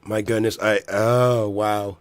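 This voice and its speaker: A man's voice: fairly low pitch, flat delivery, slow pace, smooth, no room sound. A man hosting a casual livestream from home, frustrated, apologizing and swearing heavily. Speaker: livestream host.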